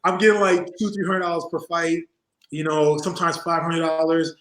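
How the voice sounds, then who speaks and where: A man's voice: on the high side, brisk, echoey room, slight background noise, low-quality recording. A man in his forties, a former wrestler, telling stories in a casual interview, laughing often and acting out other people's voices. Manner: animated storyteller, acts out voices, laughs often.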